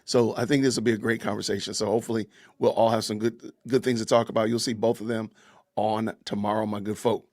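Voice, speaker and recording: A middle-aged man with a drawl hosts a podcast as a casual livestream at home, chatting loosely with viewers and laughing often while family can be heard in the kitchen. His gravelly, slightly husky voice is lowish, level, quick, and a little mellow. The sound is dry and close, with no room sound.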